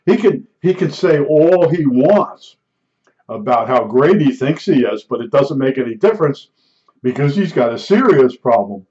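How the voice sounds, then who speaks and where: A man's voice: medium pitch, lively intonation, moderate pace, dark tone. An older man telling meandering stories in casual chat, often restarting sentences and chuckling at his own anecdotes. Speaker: vlogger. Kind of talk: rambling casual storytelling. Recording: dull lo-fi recording.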